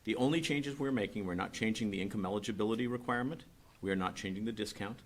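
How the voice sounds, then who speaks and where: Middle-aged man, very low voice, brisk and explanatory, public meeting presenter. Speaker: utility staff presenting a rate request.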